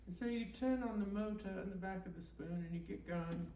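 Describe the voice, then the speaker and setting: A woman talks in a rambling, deadpan way, spinning absurd stories with plenty of fillers. She is recorded from a distance in a reverberant room at a live event. Faint noise sits under her voice. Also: medium pitch, brisk. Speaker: guest performer. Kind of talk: comic improvised guided meditation and chat. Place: live event in a bookstore space.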